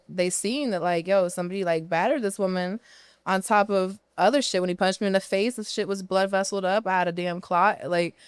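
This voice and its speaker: Philly woman in her thirties, podcast guest, lowish voice, very smooth and dry, blunt and profane storyteller. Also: no room sound. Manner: candid and profane, tells her story at length. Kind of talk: casual storytelling interview.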